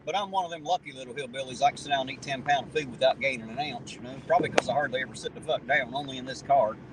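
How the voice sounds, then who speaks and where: A man's voice: medium pitch, very fast, noisy background. A man hosting a live stream from inside a car, talking in a blunt, profane, folksy way. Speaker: livestream host. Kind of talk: casual chat on a live stream.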